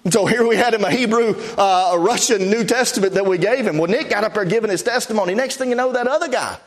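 High-voiced folksy preacher man. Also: fast, few pauses. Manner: folksy testimony storytelling, many "I said". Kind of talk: storytelling sermon.

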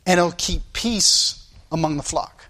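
High-voiced preacher. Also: male voice, measured pace, sharp tone. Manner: earnest preaching with sound-effect asides. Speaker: pastor. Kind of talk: sermon. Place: church.

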